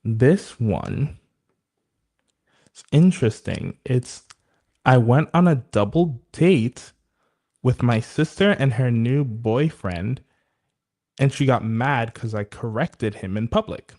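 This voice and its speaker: Young male podcast host, mid-pitched voice, reads listener stories aloud, laughs a lot. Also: lively intonation, slow pace, pauses often, darkish tone. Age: young adult. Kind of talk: casual chat, reading stories aloud.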